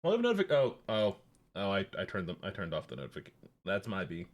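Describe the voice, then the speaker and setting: Excitable man streaming a game. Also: deep voice, quick pace. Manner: excitable, chatty with chat. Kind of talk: live game stream commentary.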